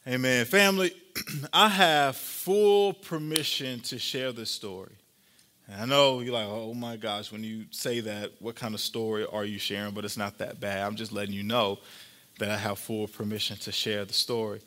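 A man's voice: on the low side, little pitch movement, moderate pace, bright, forceful tone. A man preaching a sermon to his congregation, telling a family story in a conversational, playful way. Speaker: pastor.

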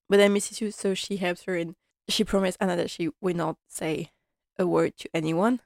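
A woman's voice: lowish voice, steady tone, moderate pace, gravelly, darkish tone, dry recording, studio quality. A woman giving a casual, impassioned and rambling recap of a TV episode.

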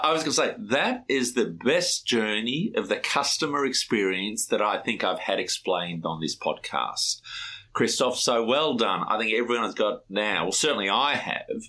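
Podcast host guy, low but bright tense voice, laughs a lot, friendly. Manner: affable, laughs often, warm praise. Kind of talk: conversational podcast interview.

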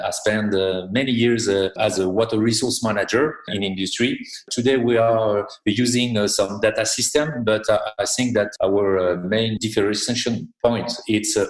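French-accented male guest, hesitant and filler-heavy, slightly low, echoey room sound. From France. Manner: halting, many "uh" fillers and restarts. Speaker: company CEO guest. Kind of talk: conversational interview. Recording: roomy echo.

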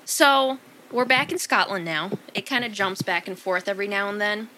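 A woman's voice: medium pitch, normal speed, bright, forceful tone, a little hiss or hum. A woman co-hosting a comedy podcast, casually retelling a film with lots of swearing and laughter. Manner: profane, laughs a lot, rambling.

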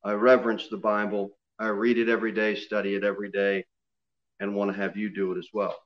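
A man's voice: fairly low pitch, level tone, fairly quick, dull audio. A male pastor preaching a sermon to his church, joking and self-deprecating, often repeating himself. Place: church sanctuary.

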